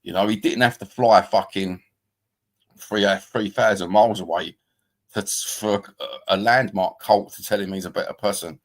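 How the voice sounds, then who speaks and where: A man's voice: on the low side, fairly even intonation, moderate pace. A middle-aged man with a London accent hosting a live stream, rambling heatedly and swearing often as he reads and answers the chat.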